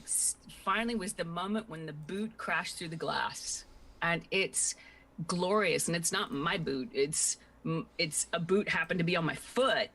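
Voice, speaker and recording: A woman tells a personal story in an excited way, laughing as she goes. She talks slowly, and her voice is husky and breathy. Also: low-pitched. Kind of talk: casual chat, telling a story.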